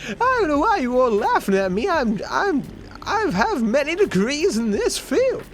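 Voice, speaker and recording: A man doing a squeaky old man voice. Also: very animated, a little slow, slight background noise, full character voice. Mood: indignant. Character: high-pitched old man, indignant, pompous.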